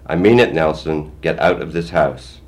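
A man voicing a firm, protective working mother who stays steady and calm, speaking gently to her children. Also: very deep voice, moderate pace. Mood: stern.

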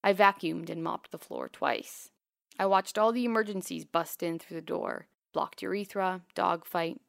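A woman narrating a first-person memoir in a quiet, measured, intimate way. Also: on the low side, gravelly, no echo, studio quality.

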